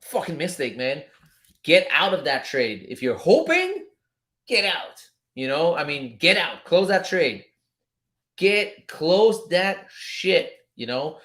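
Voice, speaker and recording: This trading live stream host talks casually, cursing freely as he delivers animated, repetitive pep talks. He speaks slowly in a fairly high voice.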